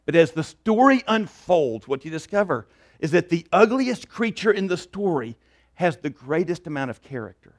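A male pastor delivers a sermon in a high voice. His delivery is conversational, with frequent repeated words and restarts. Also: very animated, moderate pace.

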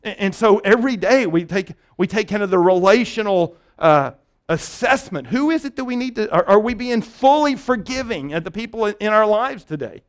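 Guy pastor w a high voice, preaching casual-like, lots of restarts and "right?". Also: lively intonation, normal speed. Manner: conversational preaching with frequent restarts and "right?" asides. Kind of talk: sermon.

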